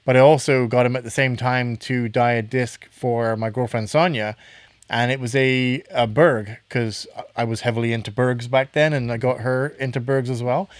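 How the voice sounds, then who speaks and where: A man's voice: mid-range voice, dry recording. A man hosting a podcast in a casual chat, rambling a little and correcting himself as he goes. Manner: chatty, self-correcting, rambling. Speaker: podcast host.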